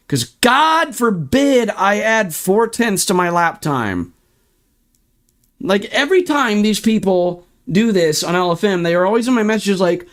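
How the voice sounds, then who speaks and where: Man, young adult, fairly high voice, sim racing livestream, frustrated rant, swearing. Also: big pitch swings, normal speed. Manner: frustrated, ranting, swears, talks through replay footage. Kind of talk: ranting livestream commentary.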